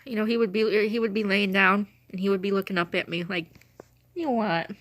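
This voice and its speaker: A woman's voice: mid-range voice, fairly even intonation, quick pace, a bit bright, dry recording. A woman telling rambling, laughing stories in casual chat, with a runny nose and a cough. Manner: chatty, meandering, laughs often. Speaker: vlogger telling stories about her late dog.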